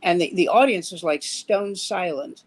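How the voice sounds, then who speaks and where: Gravelly, high-voiced male comedian host. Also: normal speed, poor audio. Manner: animated storyteller, acts out quotes. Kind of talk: casual chat.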